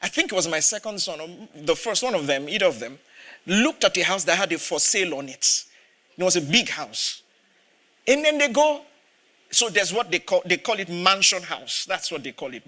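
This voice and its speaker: A man's voice: sits high, pushed and bright. A man, a pastor preaching a sermon, telling a story with laughter and acted-out dialogue.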